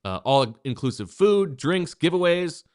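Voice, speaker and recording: Sports podcast guy doing the ad read and picks, smooth voice, joking around. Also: a little high, very animated, a little slow, a little mellow. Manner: jokey, reads sponsor spots and leads the segments. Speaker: podcast host. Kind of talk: casual sports podcast chat.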